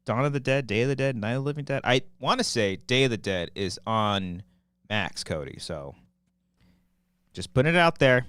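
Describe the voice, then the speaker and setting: A man's voice: medium pitch, expressive, moderate pace, fairly bright tone, clear, resonant tone, dry recording. A man in his thirties co-hosting a podcast, chatting loosely, joking and swearing freely. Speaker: podcast co-host. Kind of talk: casual chat.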